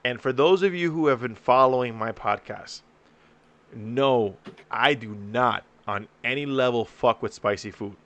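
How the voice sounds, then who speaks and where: A young man talks on his podcast, swearing freely and telling stories with lots of energy. His voice sits at an ordinary pitch for a man. The chat is loose and casual. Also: unhurried, highs cut off. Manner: profane, animated storytelling. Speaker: podcast host.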